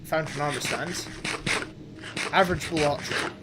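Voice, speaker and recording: High-voiced excitable young man gaming. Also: moderate pace, heavy background noise. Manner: excitable, playfully boastful, thinks aloud. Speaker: gaming streamer. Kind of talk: live game commentary to chat.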